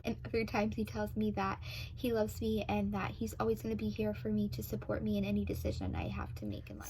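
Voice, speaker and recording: A young woman tells her own love story in an earnest, emotional voice, pausing with ums and fighting back tears at moments. Her pitch sits in an ordinary middle range. A faint hiss of background noise sits under her voice. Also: darkish tone, poor audio. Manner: earnest, tearful at times, many ums.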